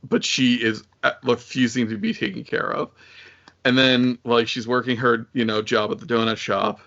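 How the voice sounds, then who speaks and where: Man podcast co-host, gravelly voice, halting casual recap, dull lo-fi sound. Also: mid-range voice, steady tone, fairly bright tone. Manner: hesitant, many fillers and restarts. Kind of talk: casual chat recapping a show.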